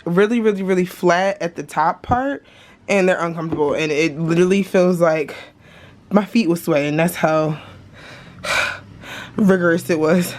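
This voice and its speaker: Against loud street noise, a young woman tells a story in a chatty vlog, frequently laughing and at times short of breath. She speaks unhurriedly at a fairly low pitch, with long pauses.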